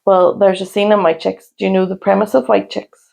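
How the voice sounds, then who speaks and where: A woman, co-hosting a casual chat podcast and often breaking into loud, high laughter. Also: little pitch movement, a little fast, gravelly. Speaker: podcast co-host.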